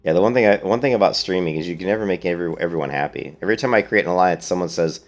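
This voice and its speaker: A man with a very low voice chats through a let's-play stream, answering viewers in a blunt, opinionated way. Faint game music runs underneath his talk. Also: racing. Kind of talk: casual let's-play commentary.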